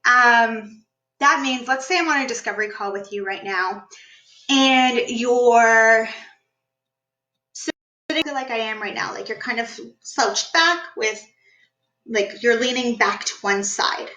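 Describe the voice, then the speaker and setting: A woman business coach teaching a live online workshop, upbeat and energetic, standing as she talks. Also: on the high side, slow, reverberant, low-quality recording. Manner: energetic, upbeat, demonstrates voices while teaching. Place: room, standing.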